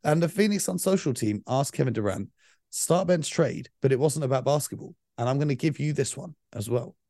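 A man's voice: mid-range voice, expressive, fairly quick, warm tone, no echo, studio quality. A man hosting a podcast in casual chat, running the segments, talking to listeners and arguing his picks firmly. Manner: runs the segments, speaks to listeners, firm and opinionated. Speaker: podcast host.

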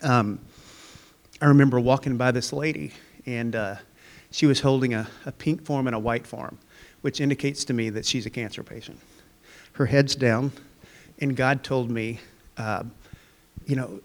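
A man's voice: medium pitch, normal speed, pauses often. A man in his fifties telling an earnest personal faith story as a guest in a church interview. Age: 50s.

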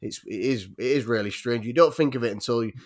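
A man with a North Yorkshire accent chats on a podcast in a mid-pitched voice. He rambles, restarting his sentences and filling them with likes and ums. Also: fast. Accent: North Yorkshire English. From North Yorkshire, England. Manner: rambling, many restarts and fillers. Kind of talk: casual podcast chat.

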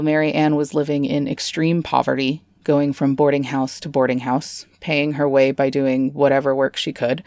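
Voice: mid-range voice, a little mellow, no room sound, studio quality. A podcast host narrating a true-crime story with a comedic touch, breaking in with sarcastic asides and casual swearing.

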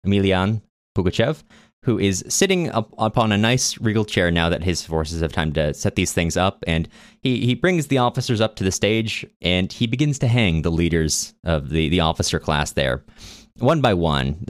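A man co-hosting a casual book podcast, retelling a story with chatty, wry asides. His voice is low and deep. The recording is dry and close, with no room sound. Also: animated, moderate pace, dry recording. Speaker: podcast co-host.

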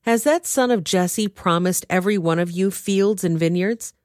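A woman voicing a furious, suspicious king who shouts accusations at his officers, in a dramatized reading. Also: fairly low pitch, normal speed, no room sound, studio quality, close to an everyday voice.

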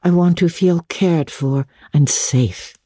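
A gentle, worldly young countess, put on by a woman reading a classic novel speaks low and musingly, her voice lifting lightly above the reader's own. The tone is husky and mellow, close and dry in a storybook reading. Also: takes it slowly, no echo.

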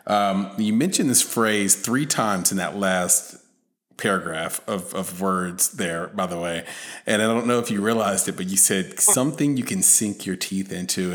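Low-voiced male podcast host. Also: fairly bright tone. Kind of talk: interview questions.

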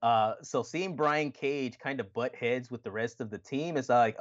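A man co-hosting a podcast in casual chat, animated, swearing often and acting out quotes with laughter. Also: mid-range voice, moderate pace, hardly any pauses, dull audio. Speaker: podcast co-host.

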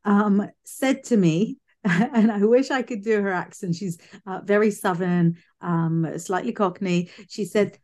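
Woman, interview guest; lively, talkative, restarts phrases, mid pitch. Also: normal speed, few pauses. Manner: chatty, animated, self-correcting. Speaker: psychic medium guest. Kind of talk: casual interview chat.

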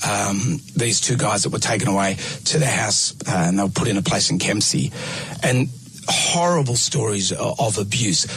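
A man's voice: medium pitch, a bit bright, breathy edge. A middle-aged man with an Australian accent, a radio host talking earnestly in casual chat, often repeating words as he goes.

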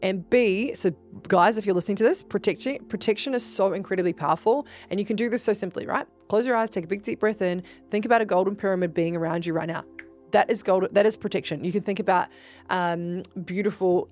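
Animated, swearing woman podcast host. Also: mid-range voice, fast talker, soft background music. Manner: speaks straight to listeners with instructions. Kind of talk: casual spiritual storytelling.

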